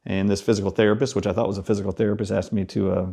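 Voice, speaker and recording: A man, a guest in an interview, telling a personal story in an animated way and acting out the dialogue he remembers. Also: on the low side, racing, vocal fry.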